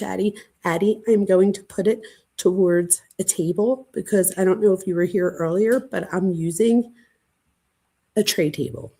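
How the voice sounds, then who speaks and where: A woman hosting a casual late-night livestream chat, gushing and excitable, dramatic by her own account, and often breathless. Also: medium pitch, moderate pace, breathy edge. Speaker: channel host.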